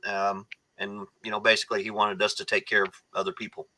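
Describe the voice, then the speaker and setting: A man's voice: on the low side, flat delivery, brisk, sharp tone, rough recording. A man speaking as a guest on a podcast, an earnest storyteller who often restarts his sentences. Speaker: guest, foundation founder. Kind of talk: casual podcast conversation.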